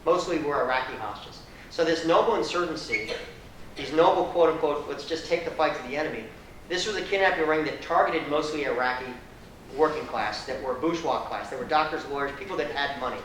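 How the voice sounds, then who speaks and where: A man gives an animated, conversational lecture to a live audience, quizzing them and tossing in blunt, sarcastic asides. His voice is bright and forceful, a touch high. He is picked up from a distance in a very echoey room with faint noise underneath. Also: fairly quick. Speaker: guest speaker.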